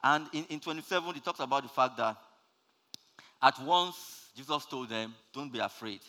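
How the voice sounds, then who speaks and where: A male preacher delivers a sermon with a bright, forceful tone of middle pitch. He swings from loud, rising calls to soft, low asides. His voice rings out with a long reverb, as in a large church hall. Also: moderate pace.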